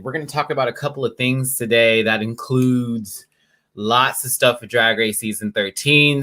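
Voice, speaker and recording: A man's voice: mid-range voice, sharp tone. Male live-stream host, campy and chatty, drag slang, talking from his apartment. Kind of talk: casual live-stream chat.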